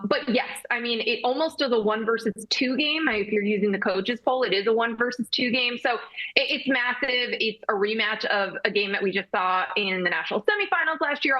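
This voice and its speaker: Female college sports reporter, energetic and chatty, slightly muffled audio. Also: medium pitch. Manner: fast, energetic analysis with fillers. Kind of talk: sports talk interview.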